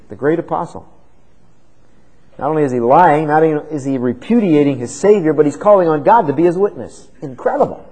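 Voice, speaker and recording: A man preaching an expository sermon, dramatic, swinging from loud emphasis to hushed tones. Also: on the high side, low-quality recording.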